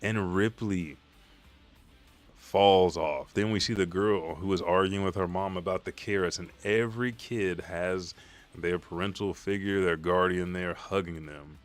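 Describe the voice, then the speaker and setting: A man hosting a live manga chapter reaction, recapping scenes in a profane, excitable way and acting out the characters' lines. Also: low-pitched, measured pace.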